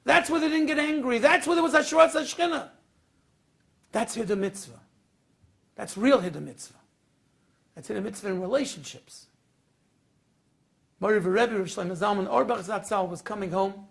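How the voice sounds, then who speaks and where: At normal speed and with long pauses, a man with a very high, gravelly, lilting voice delivers a sermon story as a rabbi teaching his listeners. He acts out the scenes dramatically, rising from a near hush to loud, emotional peaks.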